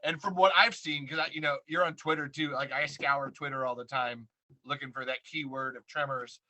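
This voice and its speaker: A young adult man hosting a relaxed interview, playful and quick to laugh. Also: mid-range voice. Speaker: podcast host. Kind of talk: casual interview chat.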